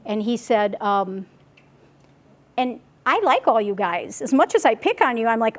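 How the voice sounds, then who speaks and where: A woman giving a casual, chatty report at a group meeting, animated and full of asides and restarts. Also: a little high, measured pace. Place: meeting room.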